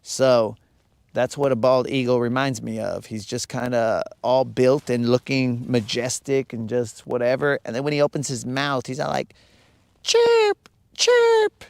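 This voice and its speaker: Out on a lake in his boat, this fishing livestream host speaks in a gravelly, flat, medium-pitched voice at normal speed with no room sound. He jokes, rambles and responds to his chat's comments.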